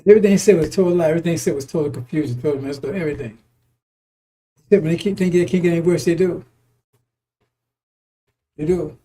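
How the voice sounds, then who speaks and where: A man's voice: on the high side, fast talker, long pauses, warm tone. A man giving informal, emphatic preaching on scripture. He repeats himself, chuckles often and swears freely. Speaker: religious teacher.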